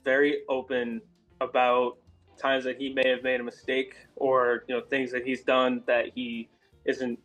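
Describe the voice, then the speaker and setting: A man's voice: medium pitch, flat delivery, a little slow, fairly bright tone, soft background music. An American man from Massachusetts, a guest in a casual interview, chatting in a friendly, rambling way. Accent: American English. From Massachusetts, USA. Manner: friendly, rambling with fillers and laughs.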